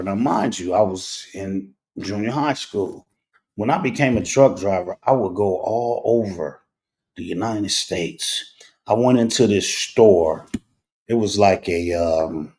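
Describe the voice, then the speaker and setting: A middle-aged man hosting a talk show, telling a personal story in a deliberate way, pausing often and checking in with "right?". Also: on the low side, a little hiss or hum. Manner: deliberate, with pauses and rhetorical "right?". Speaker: host.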